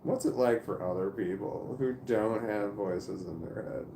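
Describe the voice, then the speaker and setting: A man with a gravelly, dark voice talks casually to camera, rambling and halting as he restarts his sentences and swears along the way. The sound is roomy and echoey. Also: fairly low pitch, slight background noise. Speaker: vlogger. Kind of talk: casual spoken monologue to camera. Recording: roomy echo.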